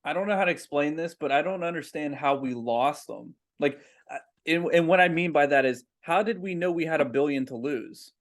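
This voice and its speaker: A man co-hosting a podcast over a video call, tossing out silly ideas in an easygoing way. His voice sits high for a man. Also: brisk, hardly any pauses. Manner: playful, riffing on absurd scenarios. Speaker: podcast co-host. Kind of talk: casual comedic chat.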